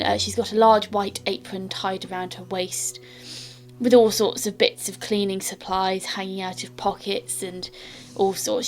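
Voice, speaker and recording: A woman with a British accent narrating a tabletop game as game master in a chatty, descriptive way. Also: medium pitch.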